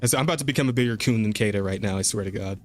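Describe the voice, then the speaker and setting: A man's voice: lowish voice, rapid-fire, faint music behind. A man co-hosting a casual podcast, swearing freely, laughing a lot and restarting his sentences. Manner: loose and profane, laughs often, stammers on restarts. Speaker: podcast co-host.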